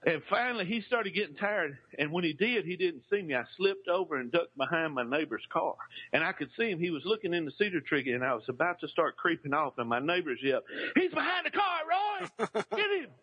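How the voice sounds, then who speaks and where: A man's voice: a little high, fast, slightly rough, muffled recording. A man telling a funny childhood story in a loose, rambling way, with plenty of fillers and restarts. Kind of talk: casual comic storytelling.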